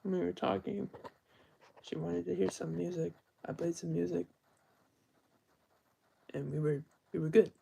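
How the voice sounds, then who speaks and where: A man's voice: high voice, flat delivery, measured pace, gravelly, pauses often, warm tone, slight background noise. A young man talking earnestly and at length on a live stream, often stopping to correct himself. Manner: earnest, rambling, self-correcting. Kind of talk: unscripted live-stream monologue.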